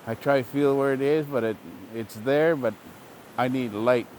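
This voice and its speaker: A man's voice: mid-range voice, moderate pace, a little hiss or hum, lightly acted, rough recording. A man voicing a cunning male raven who apologizes politely while scheming. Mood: sly, apologetic. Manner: calm, apologetic, sly.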